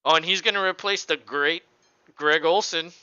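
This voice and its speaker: Co-hosting a sports podcast, a man goes on profane, animated rants full of mocking impressions. His voice is a little high, clear and resonant at a normal speed, with no echo but dull audio.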